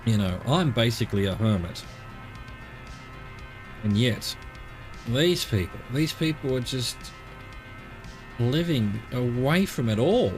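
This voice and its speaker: A man's voice: medium pitch, lively intonation, slow pace, pauses often, faint music behind. A man streaming a flight game, rambling playfully to himself and chatting to the scenery below. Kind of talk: casual live-stream commentary.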